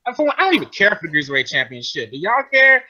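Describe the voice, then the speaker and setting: A man's voice: fairly high pitch, huge pitch swings, rapid-fire, crowd noise. A man in a casual chat on a video call, laid-back and wry. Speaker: podcast co-host. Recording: muffled call audio.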